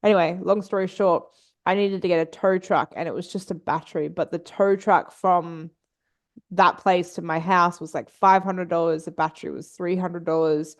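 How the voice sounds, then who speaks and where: A woman's voice: on the low side, steady tone, moderate pace. A woman guesting on a podcast, telling a personal story candidly and swearing freely. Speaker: podcast guest, business and mindset coach.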